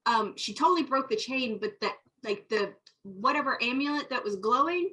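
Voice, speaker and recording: A woman's voice: fairly high pitch, animated, moderate pace, bright, forceful tone, poor audio. A woman player in a tabletop roleplaying game, talking casually and correcting herself as she goes. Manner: rambling, self-correcting. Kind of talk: casual tabletop play chat.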